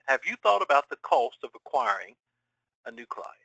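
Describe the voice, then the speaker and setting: A middle-aged man giving a webinar presentation to financial advisors, energetic and full of rhetorical questions. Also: mid-range voice, brisk, gravelly, dry recording, low-quality recording. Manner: energetic, rhetorical questions, acts out quoted clients.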